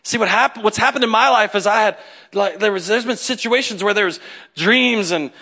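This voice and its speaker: A man preaching a sermon in a conversational, animated way, acting out the people in his stories. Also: high voice, moderate pace. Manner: animated, conversational, acts out quotes. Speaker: pastor.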